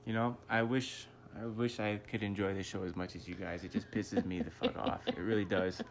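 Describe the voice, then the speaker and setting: A man's voice: fairly low pitch, level tone, fairly quick, a little hiss or hum. Profane Boston-accented man. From New England. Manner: profane, laid-back joking. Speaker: podcast co-host. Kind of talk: casual chat.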